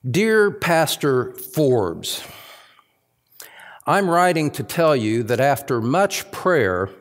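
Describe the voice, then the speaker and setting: A middle-aged man preaching a sermon as pastor in a church service that is streamed live, speaking earnestly and reflectively with frequent restarts and asides. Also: medium pitch.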